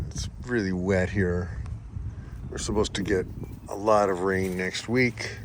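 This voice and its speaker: A man, a sheep farmer, chatting relaxed in a casual farm vlog outside in a pasture, talking to his animals, recorded on a handheld camera. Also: sits low, a little slow. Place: outdoor pasture among solar panels. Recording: noisy outdoor recording.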